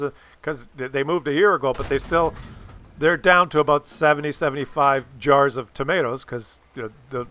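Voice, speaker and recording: A man's voice: mid-range voice, fairly bright tone. A man hosting a gaming channel, telling a rambling, profane story while he plays. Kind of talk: casual storytelling over gameplay.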